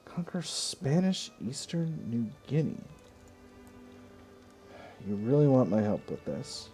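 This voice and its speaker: A man commentating his own strategy game session in a relaxed, mellow voice of middling pitch. He muses out loud, corrects himself mid-sentence and drops casual asides. Soft game music plays quietly behind him. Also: takes it slowly. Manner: thinks aloud, casual asides and self-corrections. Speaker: gaming video host.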